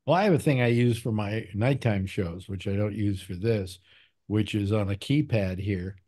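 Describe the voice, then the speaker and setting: Halting easygoing male talk-show host. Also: lowish voice, warm tone. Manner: easygoing, halting with many restarts. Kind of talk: casual chat with panel on a video call.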